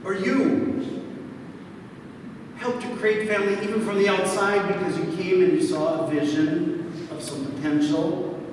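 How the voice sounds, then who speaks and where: A man's voice: high voice, a little slow, long pauses. A man in his sixties, a priest, telling jokey stories to an audience and acting out the dialogue, recorded from far off in a large hall. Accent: Milwaukee, Wisconsin. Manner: jokey, animated storyteller who acts out dialogue. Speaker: priest, panel speaker. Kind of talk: storytelling talk to an audience. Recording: echoey hall from far off, noisy.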